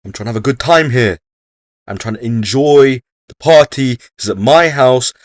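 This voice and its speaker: A man voicing a fed-up party host who scolds a hothead with swearing and rushed lines. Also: mid-range voice, no room sound, natural voice. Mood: exasperated. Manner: exasperated, profane, rushed.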